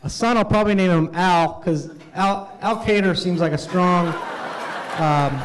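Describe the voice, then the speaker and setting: A man from the United States performing an animated, self-deprecating stand-up set at an awards event, with halting fillers. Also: high-pitched, slight background noise. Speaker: stand-up comedian. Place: event hall with audience laughter.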